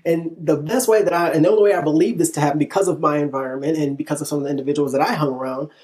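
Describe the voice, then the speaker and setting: A man from northern Illinois, a guest on an interview show, telling a personal story with lively narration, acting out the dialogue and laughing often. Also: a little high, rapid-fire. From northern Illinois, USA.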